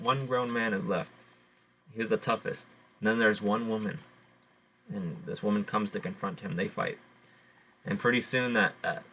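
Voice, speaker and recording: Low-voiced man retelling a folk tale. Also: bright, forceful tone, a little hiss or hum. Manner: halting, repeats words, fillers. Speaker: podcast host. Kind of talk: oral storytelling.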